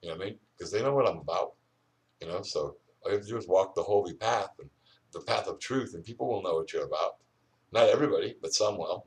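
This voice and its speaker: A man's voice: deep voice, far from the mic. An older man rambling and ranting outdoors, full of "you know" fillers. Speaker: vlogger.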